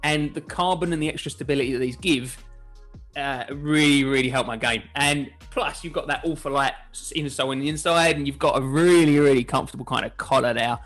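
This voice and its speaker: A man's voice: medium pitch, a little fast, a bit bright, soft background music. A man from England hosting a casual golf shoe review, chatty and jokey, often correcting himself mid-sentence. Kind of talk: casual chat.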